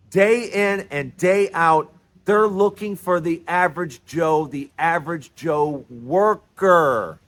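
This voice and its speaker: Male host, high pitch, emphatic lecturing monologue. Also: fairly bright tone. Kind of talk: opinionated political monologue.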